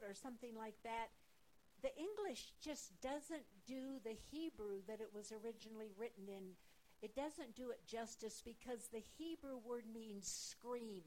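A woman teaching from the Bible in a sermon, her voice high and her delivery unhurried. She stresses her points emphatically, building intensity as she speaks. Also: fairly bright tone, slight background noise, low-quality recording. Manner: slow, emphatic preaching with rising urgency.

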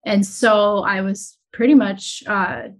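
A woman entrepreneur talking openly as a guest, retelling a stressful stretch in an earnest, emotional, halting way. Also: medium pitch, fairly even intonation. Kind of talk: candid conversational storytelling.

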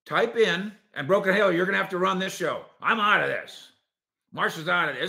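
A man's voice: a little high, a little slow, creaky, pushed and bright. A man in his fifties hosting a sports talk show, opinionated and jokey, often restarting his sentences.

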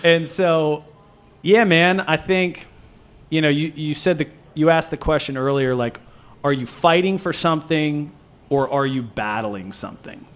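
Man, higher register, animated and profane, casual interview storyteller. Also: a little slow. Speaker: food nonprofit co-founder.

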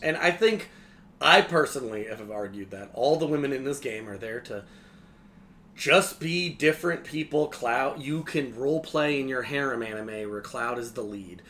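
A young man co-hosting a podcast, ranting casually about a video game in a sarcastic, animated way, swearing freely and acting out lines. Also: medium pitch, normal speed, slight background noise. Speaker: podcast co-host. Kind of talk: casual game critique chat.

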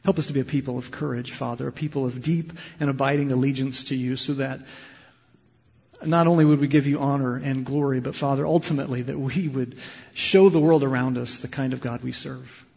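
A male pastor preaching a sermon, moving between loud, impassioned emphasis and quiet, hushed storytelling. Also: medium pitch, steady tone, a little fast, creaky, slightly rough. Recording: lo-fi sound with long hall reverb.

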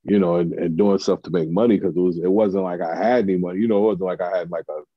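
A man's voice: low voice, steady tone, fast talker, husky, no echo, highs cut off. A man, a comedian and TV writer, telling a story in casual chat and acting out the quotes of the people in it.

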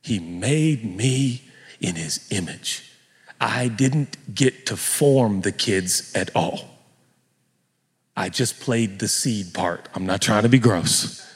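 A man's voice: fairly low pitch, slow pace, slightly rough, long reverb tail. A man preaching a sermon as pastor, telling self-mocking stories and acting out voices, in a church. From United States. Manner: animated, self-mocking storytelling with acted-out voices. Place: church auditorium.

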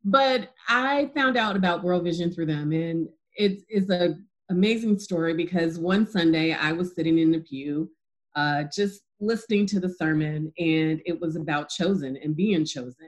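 A woman as an interview guest, telling a personal story in a lively way, acting out dialogue and laughing easily. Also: normal speed. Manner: animated storyteller, acts out dialogue with lively pitch jumps. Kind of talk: casual testimony interview.

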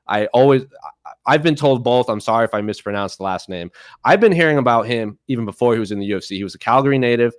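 A man's voice: mid-range voice, fast talker, dry recording, studio quality. A man co-hosting a casual chat podcast, talking enthusiastically and jokingly with lots of fillers. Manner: enthusiastic, jokey, many fillers. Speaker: podcast co-host.

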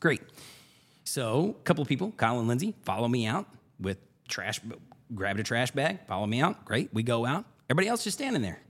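A man hosting a podcast, telling a story in a casual, animated way and repeating phrases for emphasis. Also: medium pitch, brisk. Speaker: podcast host.

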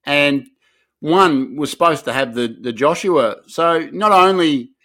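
A man's voice: a little high, measured pace, bright, forceful tone. An Australian man in his thirties co-hosting a podcast, bantering in a laid-back way with rambling restarts. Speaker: podcast co-host. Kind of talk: casual comedic podcast chat.

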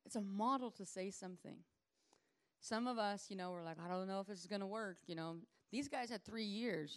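Animated woman preaching casually. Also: on the low side, clear, resonant tone. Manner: animated, conversational, acts out scenes. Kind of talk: casual sermon.

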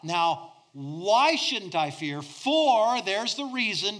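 A middle-aged man preaching a sermon, swinging between loud emphasis and hushed near-whispers. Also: sits high, big pitch swings, slow, hardly any pauses. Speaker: pastor.

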